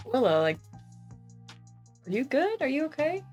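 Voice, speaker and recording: A woman voicing a caring, earnest teenage boy who talks hesitantly and softly. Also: on the low side, normal speed, soft background music, pitched below the performer's own voice. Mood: concerned.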